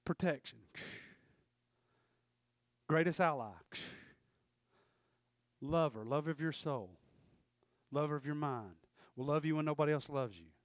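A man's voice: fairly high pitch, measured pace, pauses often, dry recording, studio quality. A man preaching a sermon, folksy and fiery, often calling out "Amen?" to the congregation.

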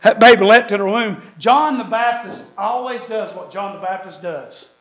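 Fiery high-voiced preacher man. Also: normal speed, dull audio. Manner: fiery, preaching with shouted peaks and laughs. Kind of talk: sermon.

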